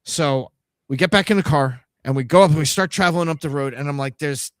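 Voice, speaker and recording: A man hosting a live podcast, telling a trip story in a profane, animated way and acting out the other people's voices. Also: fairly high pitch, fast talker, no echo, clean studio sound. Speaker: podcast host.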